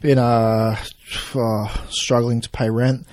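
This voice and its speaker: A man talking casually and low-key, mumbling his answers. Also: flat delivery, slow pace, darkish tone. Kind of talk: casual chat.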